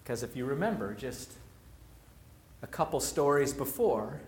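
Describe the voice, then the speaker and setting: A man's voice: mid-range voice, expressive, normal speed, roomy sound, a little hiss or hum. A man preaching a sermon, retelling a story and sharing personal reflections in a reflective, storytelling manner.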